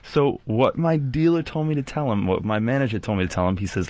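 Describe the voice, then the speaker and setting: A man's voice: medium pitch, lively intonation, brisk, hardly any pauses, a little mellow. A man telling a long story on a podcast, rambling and often restarting his sentences. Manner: rambling, self-interrupting storyteller, acts out quotes. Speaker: podcast co-host.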